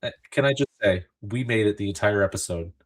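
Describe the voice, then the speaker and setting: Low, husky man with dry asides. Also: fairly quick. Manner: dry, laid-back asides and wry remarks. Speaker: podcast co-host. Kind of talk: casual chat.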